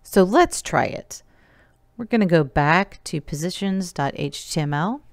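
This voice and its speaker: A woman's voice: on the low side, lively intonation, unhurried, gravelly, dry recording. A woman teacher giving a recorded remote lesson, explaining each step patiently and counting elements aloud.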